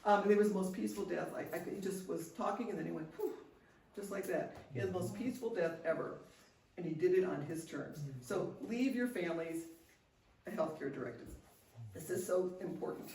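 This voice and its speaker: A woman's voice: lowish voice, a little fast, creaky, warm tone, slight background noise. An older woman speaking at a seminar, sharing personal stories in an earnest way with frequent restarts. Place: seminar room. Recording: echoey room, distant mic.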